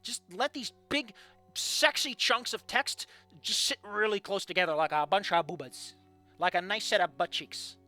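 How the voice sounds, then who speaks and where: A man's voice: high voice, normal speed, faint music behind. A young man reading fan fiction aloud and critiquing it in a sarcastic, profane rant. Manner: animated, sarcastic, profane ranting.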